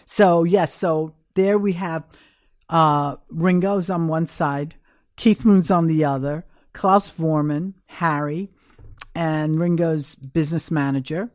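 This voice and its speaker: A woman's voice: low voice, slow, a little mellow, no echo, clean studio sound. An older woman with a New York accent, a guest telling candid stories in an interview and acting out the quotes. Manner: candid, anecdotal, acts out quotes. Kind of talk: storytelling in an interview.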